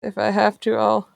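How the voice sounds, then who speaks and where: Woman streamer, relaxed slow talk, playful and sarcastic, dry close sound. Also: medium pitch, creaky, no echo. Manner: playful, sarcastic, often laughing. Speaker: artist streamer. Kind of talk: casual chat while drawing on stream.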